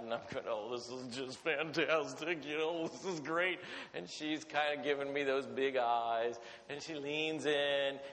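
Man preaching in church hall, lively story, reverb tail. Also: mid-range voice. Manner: animated storytelling with laughs. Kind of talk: sermon with personal story.

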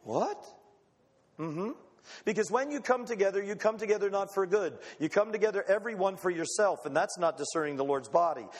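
A man preaching with a high, ringing voice that carries a long reverb tail through a large hall. He delivers a dramatic, emphatic sermon, pausing for effect and slipping into the voices of the people he quotes.

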